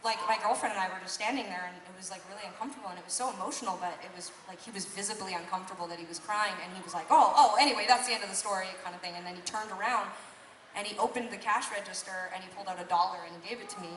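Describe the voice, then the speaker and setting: A woman's voice: medium pitch, fairly even intonation, racing, background noise. A woman singer chatting on stage between songs, telling a rambling, apologetic, self-deprecating story. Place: concert venue stage. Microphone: stage microphone through PA, filmed from the crowd. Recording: echoey hall taped from far off.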